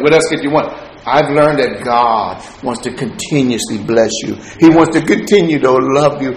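A man delivers a sermon in a high, animated voice, telling stories that swing from hushed asides to loud, excited peaks. The room is echoey, and a faint hiss sits beneath him. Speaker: preacher.

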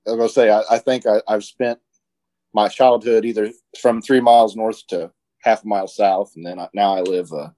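A man's voice: on the low side, fairly even intonation, brisk, warm tone. A man from Indiana, a guest on a casual chat, talking hesitantly with many fillers.

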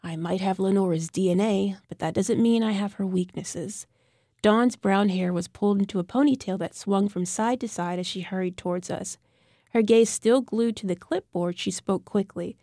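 A young woman narrates a first-person story in a tense, bitter tone. Her voice is gravelly and mellow rather than bright. The sound is dry and close, with no room around it. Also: medium pitch, moderate pace, no room sound. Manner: tense, bitter inner monologue. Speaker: audiobook narrator.

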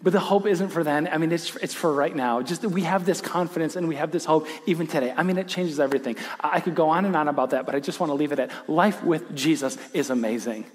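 A man preaching a sermon, animated in his storytelling, who acts out quoted lines and drops to a hushed intensity. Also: on the high side, fast talker, hardly any pauses, big-room sound. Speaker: pastor.

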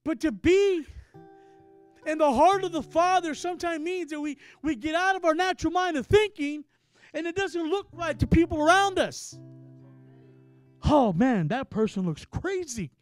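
A middle-aged man preaches with a high, ringing voice, shifting between quiet storytelling and forceful, loud declarations. A gentle guitar plays faintly under his sermon. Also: normal speed. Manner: swings from hushed storytelling to loud emphatic preaching.

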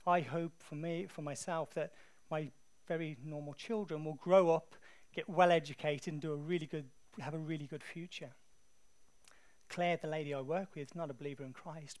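An English man preaching a sermon in a conversational, animated storytelling way. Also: a little high.

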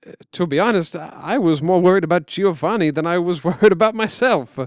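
A man's voice: sits high, fast, no room sound, studio quality, voice pushed up, lightly acted. A man playing an elderly uncle fondly recalling his childhood, laughing and emotional. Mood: reminiscing. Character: elderly uncle, warm old male storyteller.

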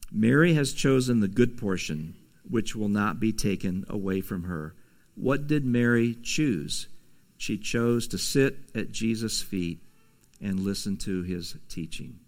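Gravelly-voiced male preacher. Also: lowish voice, expressive, unhurried. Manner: conversational, with asides and soft laughs. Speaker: pastor. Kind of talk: sermon.

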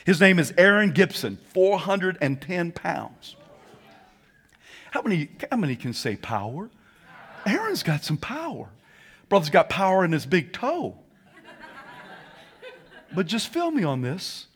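A male pastor with a notably high voice preaches to a live congregation. He swings between hushed asides and shouted calls, pulling the room into call-and-response. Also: very animated, unhurried, pauses often, breathy edge. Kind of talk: sermon. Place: church before a congregation.

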